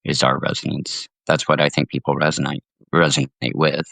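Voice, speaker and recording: A man's voice: rumbling low, flat delivery, fairly quick, creaky, fairly bright tone, no echo. A man talking as a podcast guest in casual chat, agreeable and given to chuckles and restarting his phrases.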